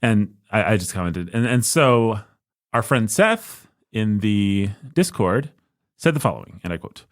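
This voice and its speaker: Low-voiced man in a rambling podcast chat. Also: expressive, a little slow, no room sound, clean studio sound. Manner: rambling, self-interrupting, jokey. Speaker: podcast co-host.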